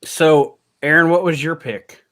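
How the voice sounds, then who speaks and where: A man's voice: on the high side, fairly even intonation, a bit bright. A man hosting a casual podcast chat, agreeable and keeping the talk moving. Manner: agreeable, keeps the talk moving with quick affirmations.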